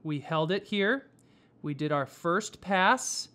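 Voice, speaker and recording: Male craft instructor, unhurried, patient, chatty step-by-step delivery. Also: high-pitched, expressive, bright, forceful tone. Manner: slow, patient step-by-step explaining with fillers. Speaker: whipmaking instructor. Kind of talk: hands-on craft tutorial. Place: workshop.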